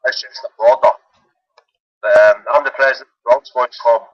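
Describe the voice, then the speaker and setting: A man's voice: medium pitch, steady tone, normal speed, no room sound. A Glaswegian man calling in to a phone-in show, laid-back and joking. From Glasgow. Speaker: caller. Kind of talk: casual phone-in chat. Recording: dull lo-fi phone call.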